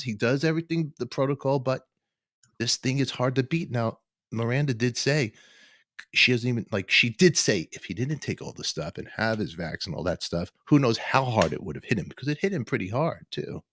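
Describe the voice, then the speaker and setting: A man in his fifties hosting a casual live-stream chat show, joking and rambling with excitable energy. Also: medium pitch, normal speed, dry recording, studio quality. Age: 50s. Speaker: talk show host.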